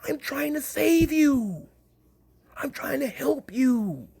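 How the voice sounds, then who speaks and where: A man's voice: extremely high pitch, animated, slow pace, vocal fry, darkish tone, pitched above the performer's own voice, exaggerated voice. A man voicing a whiny, sanctimonious do-gooder who pleads in mock sincerity. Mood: pleading. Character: whiny preachy self-righteous do-gooder man.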